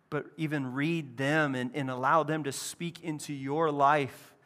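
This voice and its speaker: A man pastor preaching a lively, conversational sermon in a church. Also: medium pitch. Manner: conversational, animated preaching with casual asides. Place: church building.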